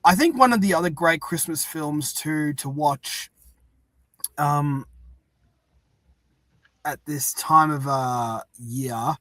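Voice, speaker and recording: Male host, casual, bright somewhat high voice, halting with fillers, dry close recording. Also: no room sound. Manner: laughs often, halting with fillers. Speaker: podcast host. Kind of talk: casual chat.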